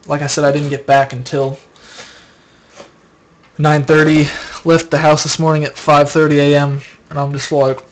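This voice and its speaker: Young male streamer, somewhat high voice, sleepy and rambling, casual chat to viewers at a desk mic. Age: young adult. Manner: rambling, casual, answers viewer questions aloud. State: tired. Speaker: live streamer answering chat. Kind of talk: late-night live stream chat.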